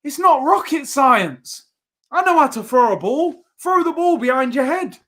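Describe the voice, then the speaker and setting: A man, hosting a live football watchalong with frustrated, animated outbursts at the play. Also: very high-pitched, measured pace. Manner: frustrated, animated fan reactions, loud outbursts. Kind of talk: live match watchalong reaction.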